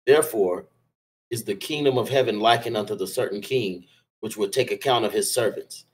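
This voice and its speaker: A man's voice: lowish voice, fairly quick, low-quality recording. Man reading scripture aloud steadily. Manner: steady, plain reading with small slips. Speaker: scripture reader.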